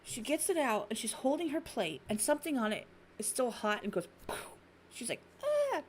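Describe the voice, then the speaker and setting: Woman, 30s, podcast host; animated storyteller with a higher voice, faint noise underneath. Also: a little fast. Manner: animated storyteller, swears freely. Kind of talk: casual chat.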